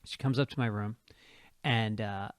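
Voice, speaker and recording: A man, a podcast host and stand-up comedian, telling a story in casual chat with quick asides. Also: lowish voice, steady tone, clean tone, no room sound, studio quality.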